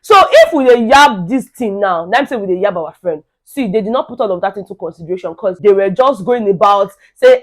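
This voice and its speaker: A woman's voice: mid-range voice, brisk, hardly any pauses. A young woman with a Nigerian accent gives a casual gossip recap, mixes in pidgin, and acts out what others said. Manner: animated, mixing in pidgin, acting out quotes. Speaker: vlogger recapping a reality show.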